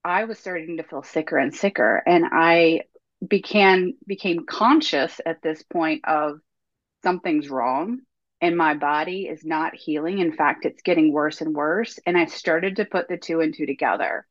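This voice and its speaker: A woman in her thirties telling her story as a podcast guest, animated, acting out her own past self-talk in quoted lines. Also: low voice, a little slow, no echo, highs cut off. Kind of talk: candid storytelling interview.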